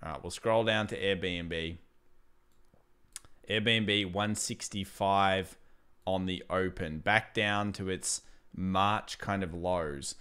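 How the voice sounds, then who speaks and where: A man with a fairly low, smooth and resonant voice, hosting live market commentary. He talks casually and laughs easily, thinking out loud and restarting his sentences as he works through viewer questions. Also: steady tone, takes it slowly. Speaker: livestream host.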